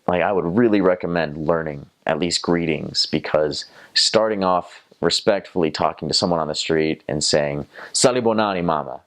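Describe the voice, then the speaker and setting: A young returned missionary from North Carolina, with a Southern American accent, casually tells stories about his mission and slips into playful accent imitations. His voice is low-pitched yet fairly bright, at normal speed with few pauses.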